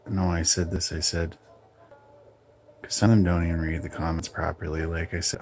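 Blunt deep-voiced man, gravelly. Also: little pitch movement, darkish tone, faint music behind. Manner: blunt, opinionated, halting with restarts. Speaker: channel host. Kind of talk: casual rambling monologue.

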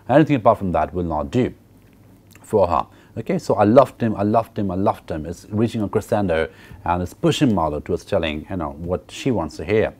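A man with a low, deep voice delivers a recorded university lecture on literature. He works through the text at a measured, explanatory pace. He keeps checking in with "okay" and "right" and fills his pauses with "uh" and repeated words. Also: darkish tone. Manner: hesitant fillers and repeated words.

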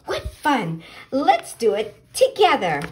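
An excitable young pollywog boy chatters in a raised, eager storybook voice, put on by a woman reading aloud. He tumbles over his words with breathless questions. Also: high-pitched, slow pace, slight background noise, pitched above the performer's own voice, exaggerated voice. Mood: excited.

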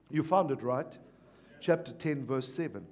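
A male pastor preaching a sermon at a church service, animated and repeatedly calling on the congregation to respond. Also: mid-range voice. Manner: animated, calls for audience response.

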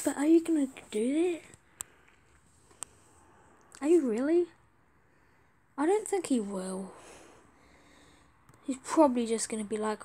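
Excitable high-voiced woman gaming commentator. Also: unhurried, long pauses, husky. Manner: excitable, chatty, pleading for trades. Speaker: gaming video creator. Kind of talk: casual let's-play commentary.

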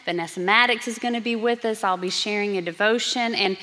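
A woman pastor preaching a sermon, earnest and emphatic, slowing down to stress key phrases. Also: mid-range voice, bright, forceful tone. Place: church sanctuary. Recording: reverberant church sanctuary.

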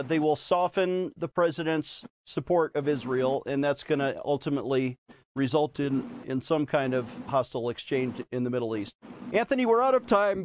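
High-voiced earnest preacher man. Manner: earnest preacher cadence, emphatic pitches. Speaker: host and chaplain. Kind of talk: televangelist show hosting, prayer and donation appeals.

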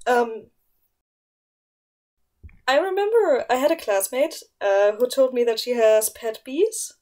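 Female podcast co-host, fairly high voice, giggly and playful, loose rambling chat. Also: lively intonation, slow pace, pauses often, darkish tone. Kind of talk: casual chat.

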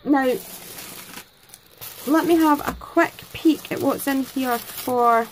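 A woman's voice: high voice, slow, a little hiss or hum, low-quality recording. A woman, chatting to camera at her craft desk at home, gushing with thanks as she unboxes her gifts. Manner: gushing, effusive, many exclamations. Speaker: craft vlogger.

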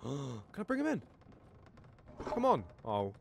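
A man playing a horror game with friends and commenting excitedly, swearing often and talking to himself. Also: mid-range voice, takes it slowly, vocal fry, noisy background. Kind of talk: let's play commentary.

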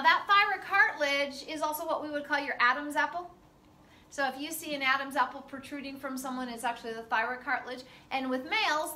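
A woman's voice: high-pitched, pushed and bright. A middle-aged woman teaching a physiology class, chatty and loose, with lots of fillers. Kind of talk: classroom lecture. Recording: echoey classroom from far off, faint noise.

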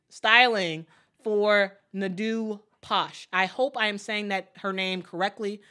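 A woman hosting a casual live watch party, chatty and excitable, often repeating her phrases and reading viewer comments aloud. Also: mid-range voice. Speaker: host of a draft watch party stream.

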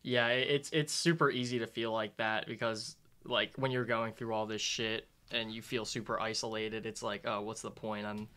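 A young man, a musician guest on a podcast, talking in a relaxed way with lots of fillers. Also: lowish voice, moderate pace, hardly any pauses. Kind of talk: casual interview chat.

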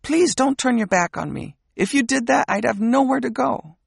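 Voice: mid-range voice, big pitch swings, moderate pace, gravelly, slightly rough, dry recording, clean studio sound, full character voice. An audiobook narrator voicing a lonely thirteen-year-old girl who pleads in a pitiful way. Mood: pleading.

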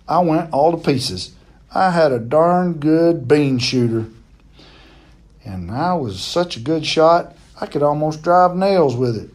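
A man's voice: on the high side, a little mellow. A man reading a novel chapter aloud, telling it expressively and now and then stumbling and repeating a word.

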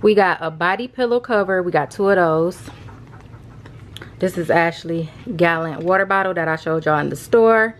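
A young woman talking casually through a shopping haul vlog, addressing viewers as y'all, rushed and a bit out of breath. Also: on the low side, a little hiss or hum. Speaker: vlogger.

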